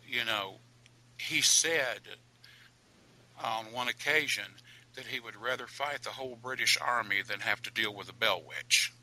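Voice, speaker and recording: A man, an author and guest, telling a ghost story in an animated, dramatic way. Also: medium pitch, measured pace, low-quality recording.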